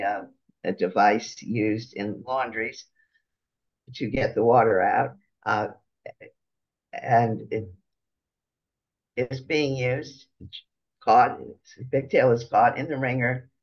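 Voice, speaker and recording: A man giving an unhurried slide-show lecture, pausing often as he explains each picture. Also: medium pitch, dull audio.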